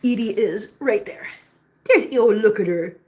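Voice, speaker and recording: A woman hosting a casual livestream from home, chatting with viewers and cooing at her cats in a high sing-song voice. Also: unhurried, darkish tone, reverberant. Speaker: host. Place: home room full of cats. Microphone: laptop mic.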